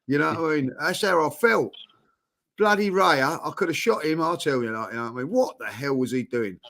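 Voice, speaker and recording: A man's voice: a little high, lively intonation, brisk, creaky, a bit bright. A man, tired out, chatting bluntly and animatedly about football as co-host. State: exhausted. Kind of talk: casual football chat.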